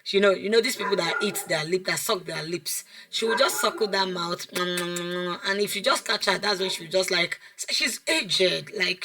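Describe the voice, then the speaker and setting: Woman, bright tone, coach, online lecture, video call, animated, rhetorical questions, repeats phrases. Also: fairly low pitch. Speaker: child development coach.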